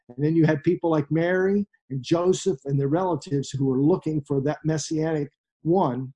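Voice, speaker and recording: Middle-aged guy preaching, earnest, goes quiet then builds up, kinda high warm voice. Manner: earnest, shifts between hushed and emphatic. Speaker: pastor. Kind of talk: sermon.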